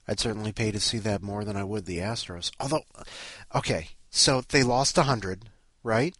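A man's voice: lowish voice, normal speed, a bit bright, no echo. A man hosting a podcast, rambling casually with lots of swearing and self-mocking grumbles. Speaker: podcast host.

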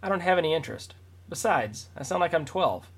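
A man reading his own first-person story in a quick, dry manner. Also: on the high side, expressive, vocal fry, slightly rough. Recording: voice distant from the mic.

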